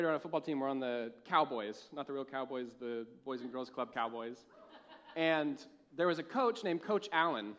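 A young man preaching a sermon in a church, telling a lively personal story and laughing at his own jokes. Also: medium pitch, a little fast. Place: church with a live audience.

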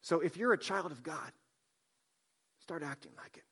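Bright-voiced man preaching a sermon. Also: a little high, moderate pace, slightly rough. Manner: dynamic preaching, swinging from soft hushed endings to loud emphatic lines. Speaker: pastor.

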